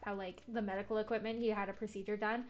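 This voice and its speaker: A woman's voice: mid-range voice, little pitch movement, fast, dull audio. A young woman streaming a game, chatting casually, full of filler words and jokey asides. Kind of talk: casual let's-play commentary.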